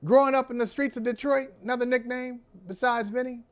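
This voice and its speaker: Casual high pitched guy ribbing his cohost, lots of restarts, sports chat. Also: steady tone, a little fast. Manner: teasing, rambling questions with lots of restarts. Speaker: co-host.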